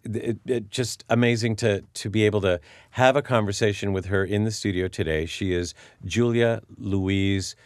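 A man's voice: fairly low pitch, normal speed, no echo, clean studio sound. A man hosting a radio talk show, earnest and emotional, telling a personal story with frequent restarts, a native Sicilian speaker. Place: radio studio.

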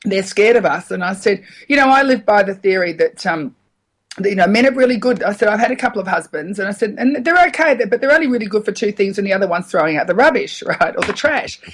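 Husky woman telling funny stories. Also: mid-range voice, fast. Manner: animated, laughs often, frequent restarts. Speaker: radio personality and comedian, interviewee. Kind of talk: casual interview storytelling.

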